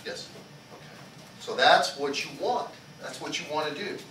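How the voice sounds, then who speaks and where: A man's voice: on the high side, moderate pace, sharp tone, distant mic. A male martial arts instructor teaching a small class, checking in with "okay?" after nearly every sentence, asking the group questions and leading them in chants. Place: karate school training hall. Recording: echoey hall recorded from afar with background noise.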